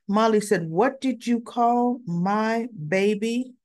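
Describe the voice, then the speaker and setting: A woman's voice: a little high, slow pace, a little mellow. A woman recapping a daytime soap episode in a casual, chatty way, acting out bits of the dialogue as she retells the scenes. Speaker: soap opera reviewer.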